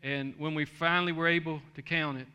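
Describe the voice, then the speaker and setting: A man's voice: on the high side, steady tone, a little fast, sharp tone, smooth. A middle-aged man, a pastor, telling a story in a sermon and building to a fervent preaching cadence, in a church sanctuary.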